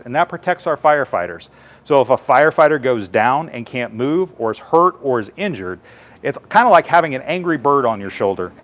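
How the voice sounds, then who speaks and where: A man, a firefighter, giving a live station tour and patiently explaining equipment to children in simple terms. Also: medium pitch.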